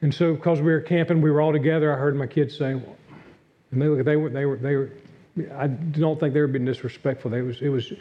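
A middle-aged pastor delivers an earnest sermon, his voice sitting a bit high for a man. He swings between hushed, confiding passages and louder pushes. The recording is dull and lo-fi. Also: fairly even intonation, a little fast. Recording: dull lo-fi sound.

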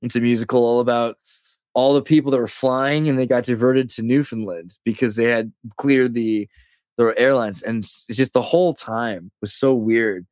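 A man in his thirties from California, a podcast guest telling rambling, animated stories in casual conversation. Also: medium pitch, moderate pace, dry recording, clean studio sound. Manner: rambling, animated storyteller who says "dude" and "like".

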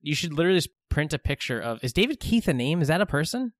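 A man's voice: a little high, very animated, fast, dry recording. A man co-hosting a casual comedy podcast who spins long, silly hypothetical stories for his friends. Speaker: podcast co-host.

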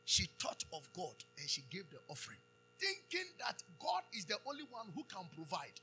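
A man with a Ghanaian accent preaching a sermon, calling out questions for the congregation to answer and building to loud emphasis. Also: high-pitched, wildly swooping pitch, normal speed, soft background music. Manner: call-and-response preaching, loud rising emphasis. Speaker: pastor.

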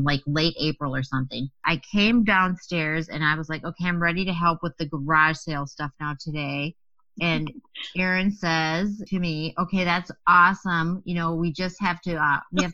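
A middle-aged woman hosting a podcast, telling a funny story with lively, profane retellings of her own reactions. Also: lowish voice, no echo, highs cut off. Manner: animated, swears freely, acts out her own past lines. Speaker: podcast host.

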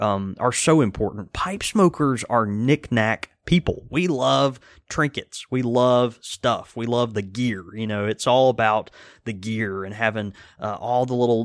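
A man's voice: on the low side, unhurried, no echo, clean studio sound. Easygoing, rambling male podcast co-host. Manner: easygoing, rambling with many fillers. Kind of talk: casual chat.

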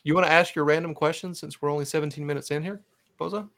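A man hosting a fan podcast, his voice sitting a touch higher than most men's. He is upbeat and enthusiastic, steering the guest through segments with a friendly push. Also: steady tone, fast, a bit bright. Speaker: podcast host. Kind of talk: casual interview chat.

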